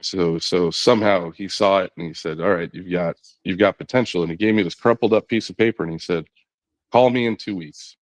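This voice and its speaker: A middle-aged man, a podcast guest, telling a long personal story in a relaxed conversational way, quoting others in his own voice with frequent "you know" and restarts. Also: deep voice, a little fast, no echo. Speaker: podcast guest, former knuckleball pitcher.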